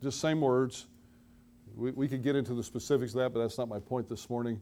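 A man's voice: medium pitch, fairly even intonation, a little fast, warm tone. A middle-aged man preaching a sermon from the pulpit, conversational with self-deprecating asides and dramatic emphasis on the story. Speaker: pastor.

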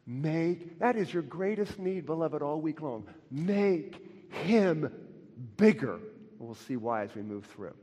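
Passionate high-voiced male preacher in a hall. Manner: passionate, rising to emphatic peaks. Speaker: pastor. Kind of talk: sermon. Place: church sanctuary. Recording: long hall reverb.

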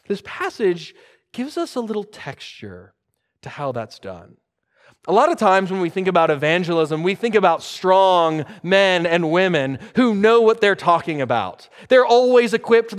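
Guy preaching a sermon, lively voice that rises loud then drops real soft, bit high. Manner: animated, swinging from loud emphasis to hushed, soft lines.

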